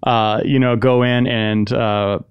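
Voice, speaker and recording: A man co-hosting a podcast, chatting in a relaxed, hesitant way with many pauses and fillers. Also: medium pitch, smooth, dry recording, muffled recording. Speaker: podcast co-host. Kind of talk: casual podcast chat.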